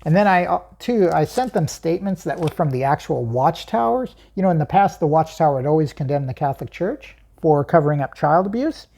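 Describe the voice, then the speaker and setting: Low-voiced woman telling her own story, husky and mellow, keeps laughing a bit and asking herself stuff. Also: lively intonation, brisk, few pauses. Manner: emphatic, chuckles often, asks herself questions. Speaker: channel host recounting a personal story. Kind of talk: personal storytelling monologue.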